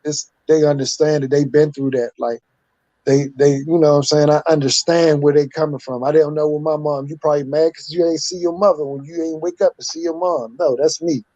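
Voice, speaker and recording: A man's voice: a little high, steady tone, a little fast, mellow, dry recording, highs cut off. A man in his fifties, a guest telling his life story candidly in a rambling, casual way. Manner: candid, rambling, street-talking with repeated "like".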